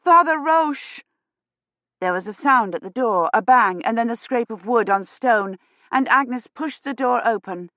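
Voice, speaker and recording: Woman narrating in a hushed, suspenseful voice. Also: a little high, normal speed, no echo, muffled recording. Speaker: audiobook narrator. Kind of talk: scripted narration.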